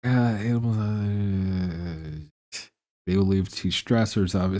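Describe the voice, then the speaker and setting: A man's voice: low-pitched, steady tone, slow pace, warm tone. A man streaming live gameplay, chatting to his viewers and scolding the animals in the game, laughing and exasperated.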